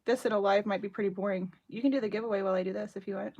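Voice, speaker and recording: Female live-stream craft host, chatty and playful, medium pitch, recording at her home desk. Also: fairly even intonation, racing, mellow, lo-fi sound. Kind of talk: casual chat while crafting live.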